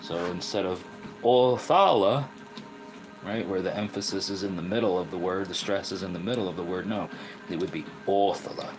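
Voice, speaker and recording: A man's voice: deep voice, steady tone, quick pace, over music. A man hosting his own channel, talking casually about rune names while he works, asking rhetorical questions and playing down his own views. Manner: musing, self-deprecating, asks rhetorical questions. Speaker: rune craft channel host. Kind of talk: casual explanatory talk while crafting. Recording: noisy home recording.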